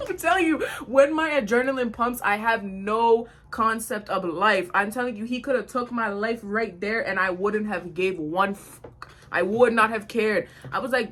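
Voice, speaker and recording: A young woman vlogger telling a storytime tale while getting ready, animated and slangy, swearing freely. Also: on the high side, normal speed. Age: young adult.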